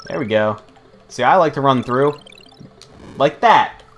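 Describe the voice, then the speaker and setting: A man's voice: medium pitch, expressive, measured pace, a bit bright, muffled recording, soft background music. A young man rambling and swearing freely while commenting on his gameplay. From United States. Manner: rambling, profane, chatty. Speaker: let's play host.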